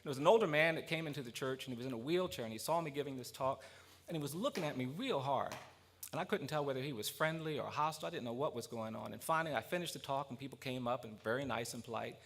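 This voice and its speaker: A man's voice: mid-range voice, expressive, fast, fairly bright tone. A man speaking at a policy roundtable, giving an earnest public speech with storytelling that builds to emphatic points.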